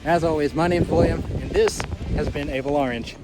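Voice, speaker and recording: A man's voice: on the high side, a little fast, loud music behind the voice. A man hosting a hiking vlog outdoors, chatty and joking, out of breath as he narrates. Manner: chatty, joking, explains his muscles in plain terms. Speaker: vlog host. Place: outdoor park trail.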